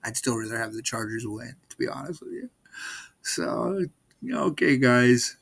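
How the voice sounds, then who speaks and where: A man's voice: medium pitch, lively intonation, measured pace, creaky, a bit bright. A man in his sixties giving a rambling, exasperated recap of his team's game in casual vlog talk, often repeating himself. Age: 60s. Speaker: sports fan vlogger.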